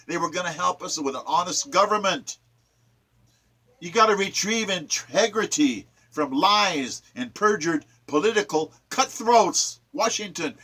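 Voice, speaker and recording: A man's voice: high-pitched, expressive, measured pace, bright, forceful tone. A man reciting his own sonnets and following them with impassioned, preachy political commentary. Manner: ranting, preachy, emphatic.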